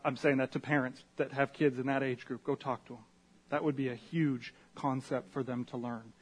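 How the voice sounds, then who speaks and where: A pastor giving a casual, conversational sermon, retelling scripture with animated asides and questions to the congregation. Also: male voice, mid-range voice, slightly rough.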